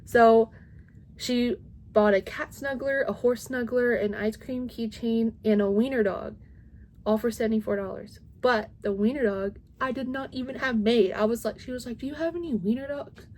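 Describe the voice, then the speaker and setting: A woman's voice: a little high, fairly even intonation, moderate pace, darkish tone. Chatty woman rambling through her sales. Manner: rambling, full of "like" and restarts. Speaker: crochet vlogger. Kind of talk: casual chatty recap.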